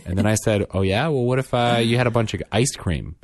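A man's voice: brisk, few pauses, no room sound, clean studio sound. A man and father, casually telling a story on a podcast and acting out the quotes in his anecdote. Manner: animated, acts out quotes in higher and lower voices. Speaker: podcast co-host.

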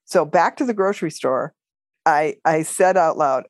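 A woman's voice: low-pitched, moderate pace, no room sound, clean studio sound. A woman telling a story as a guest in an interview, laughing often and acting out what people said. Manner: animated, laughs often, acts out quotes.

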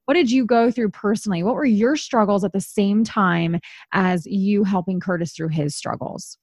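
A woman hosting an interview, gently probing her guest with empathetic questions. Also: medium pitch, moderate pace, husky, no room sound, studio quality. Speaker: host. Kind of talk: interview conversation.

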